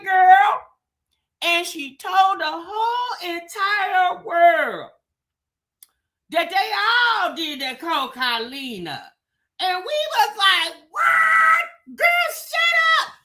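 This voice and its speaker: High bright woman doing gossip commentary on a livestream, aave, chatting right at her viewers, super animated. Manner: animated, talks straight to the chat with "baby" and "child". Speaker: commentary show host.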